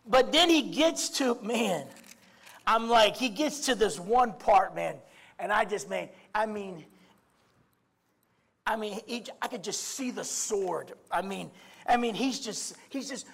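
A man preaching a sermon, swinging from quiet musing to loud shouts, with many stammered restarts and repeated "I mean". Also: high voice, sing-song, takes it slowly, gravelly.

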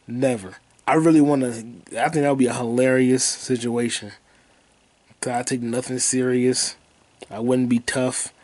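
A man hosting a podcast alone, telling crude, rambling stories and bursting into loud high yelps and sound effects. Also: little pitch movement, moderate pace. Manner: profane, rambling storytelling. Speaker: podcast host. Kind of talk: casual solo podcast monologue.

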